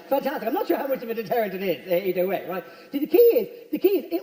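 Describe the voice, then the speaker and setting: A man doing a stand-up routine, riffing quickly with the crowd in a large venue. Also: high-pitched. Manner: rapid, animated, riffing with the crowd. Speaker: stand-up comedian. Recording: echoey hall from far off.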